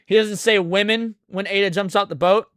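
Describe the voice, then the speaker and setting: A man's voice: sits high, steady tone, normal speed, a bit bright, smooth. A man ranting with heavy swearing as a streamer reacting to a video. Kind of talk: profane reaction commentary.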